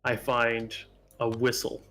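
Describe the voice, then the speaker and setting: Slow-spoken man narrating a tabletop game. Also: mid-range voice, completely flat delivery, sharp tone. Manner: slow, drawn-out storytelling with frequent fillers. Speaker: guest player. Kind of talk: narrating his character's actions in a tabletop game.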